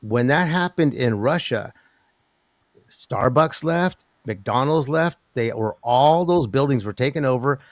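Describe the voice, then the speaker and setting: An older man, a guest in an interview talking about metals markets, who rambles with an animated delivery, many restarts and laughs. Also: mid-range voice, measured pace, dry recording. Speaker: precious metals commentator.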